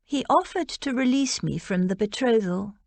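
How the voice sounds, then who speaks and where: A woman's voice: a little high, lively intonation, normal speed, creaky, darkish tone, no echo, voice pushed up. A woman voicing a spirited, defensive young Regency lady who speaks emphatically and stubbornly.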